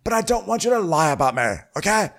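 A man's voice: sits high, expressive, quick pace, gravelly, a bit bright, voice pushed up, heavily acted. A man putting on a raised voice as a defensive woman reality-TV star who insists emphatically. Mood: insistent. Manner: insistent, emphatic, repeating "okay".

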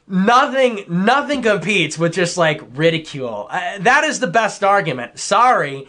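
A man with a high voice talks on a casual podcast panel. He is sarcastic and slips into mocking put-on voices. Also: big pitch swings, unhurried, hardly any pauses, pushed and bright. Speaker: podcast guest.

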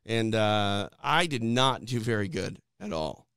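Smooth-voiced man hosting a fight show. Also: on the low side, animated, unhurried, fairly bright tone, no room sound, studio quality. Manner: chatty, frequent "uh" and "you know" fillers. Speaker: podcast host. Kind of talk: casual sports chat.

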